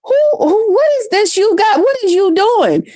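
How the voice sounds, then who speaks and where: A woman putting on the voice of her excited little niece, high and eager. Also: measured pace, dry recording, clean studio sound, exaggerated voice. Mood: wide-eyed.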